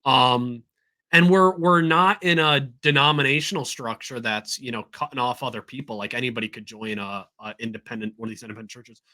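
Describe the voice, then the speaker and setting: Bright-voiced male host thinking aloud. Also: medium pitch, a little fast. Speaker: podcast host. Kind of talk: casual chat.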